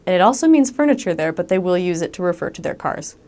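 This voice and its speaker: A young woman recounts her missionary experiences in a relaxed, conversational way. Her voice sits a little low, and she peppers her talk with ums and lively quoted asides. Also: quick pace. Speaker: returned missionary. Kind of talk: casual storytelling monologue.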